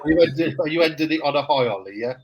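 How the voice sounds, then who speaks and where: A man's voice: a little high, lively intonation, rapid-fire, lo-fi sound, a crowd in the background. A man co-hosting a live show, joking playfully in casual banter. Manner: playful, jokey. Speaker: podcast co-host.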